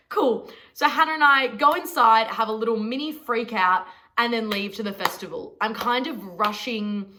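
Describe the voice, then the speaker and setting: Bright-voiced young Australian woman vlogger. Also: mid-range voice. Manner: chatty, sweary, self-mocking. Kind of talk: casual storytime vlog.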